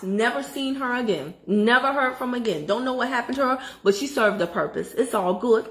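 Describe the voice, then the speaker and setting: A middle-aged woman telling a personal story to her viewers in a casual, animated way, talking straight to the audience. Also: a little high, normal speed. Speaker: credit education vlogger. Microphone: phone.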